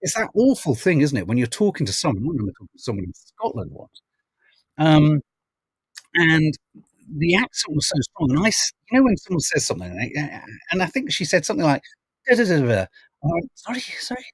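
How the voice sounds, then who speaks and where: A man's voice: on the high side, big pitch swings, fairly quick, breathy edge, no room sound, rough recording. A man hosting a podcast, chatting wryly about news stories and reading out viewer comments. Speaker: podcast host reading the papers. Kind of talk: casual chat.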